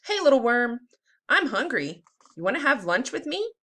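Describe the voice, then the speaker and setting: Storybook bluebird, hungry and coaxing, chirpy and bright, played by a woman. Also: high-pitched, sing-song, normal speed, pitched above the performer's own voice, heavily acted. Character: hungry, sweet-talking little bluebird.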